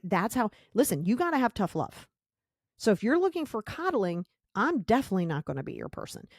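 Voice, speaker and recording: A woman's voice: medium pitch, a little mellow, no room sound, studio quality. A woman hosting a podcast, giving a blunt, emphatic motivational monologue and repeating her key points. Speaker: podcast host.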